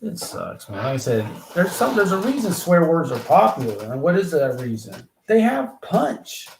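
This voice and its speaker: A man, a rapper, thinking aloud to himself in halting bursts while writing song lyrics. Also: on the high side, very animated, vocal fry. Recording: roomy echo, faint background noise.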